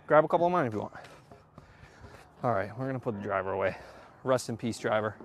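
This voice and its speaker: A man chatting casually to viewers while hitting golf balls, excitable and self-mocking, swearing often and breaking into loud outbursts. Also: fairly low pitch, fast, slight background noise. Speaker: golf vlogger. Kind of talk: casual range-session chat to viewers.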